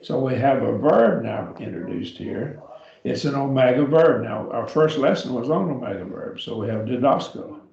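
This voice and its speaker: A man teaching a beginning Greek grammar class, patient and slow, sounding words out syllable by syllable for his students. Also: mid-range voice, lively intonation, gravelly, darkish tone, echoey room, highs cut off. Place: church classroom.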